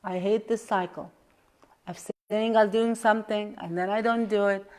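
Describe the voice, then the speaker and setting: A woman life coach in a live session, earnestly guiding listeners through a tapping exercise and repeating affirmations and questions, often dropping to a soft hush. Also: medium pitch, steady tone, normal speed.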